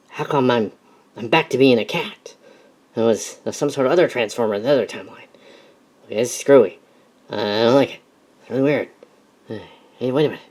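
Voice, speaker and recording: A man's voice: mid-range voice, a little mellow, pitched above the performer's own voice, close to an everyday voice. A man voicing a flustered robot who has turned back into a cat, in a fan-film parody. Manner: bewildered, complaining.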